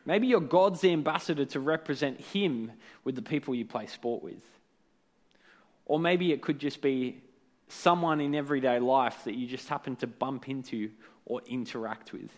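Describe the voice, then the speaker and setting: A man giving a casual devotional talk as a preacher, conversational and often checking in with tag questions. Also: on the high side.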